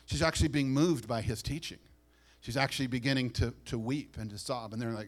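A man preaching as pastor, animated, acting out quick voices and dropping to soft asides. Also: medium pitch. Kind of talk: sermon.

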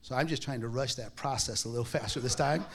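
Speaking quickly in a medium pitch with vocal fry, this man tells his personal testimony to a congregation, sermon-style. He's conversational and self-deprecating, acting out quoted dialogue, often restarting and laughing.

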